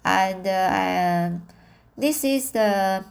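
A woman reading a novel aloud as an amateur audiobook, halting and self-correcting as she practices her English. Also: mid-range voice, gravelly, clear, resonant tone. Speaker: reader of a novel.

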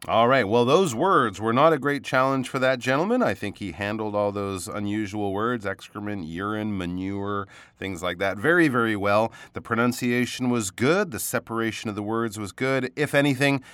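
A male pronunciation teacher talks through a casual lesson in a fairly low voice. He is patient and repeats each word slowly to model it. The sound is dry and close, with no room around him. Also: a bit bright, no echo. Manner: patient, explains words slowly and repeats them.

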